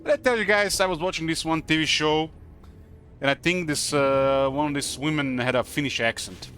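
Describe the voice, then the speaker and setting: A man's voice: on the high side, a bit bright. A man streaming a video game live, chatting casually and rambling with lots of fillers. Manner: rambling, halting with many fillers. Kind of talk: casual live gaming commentary.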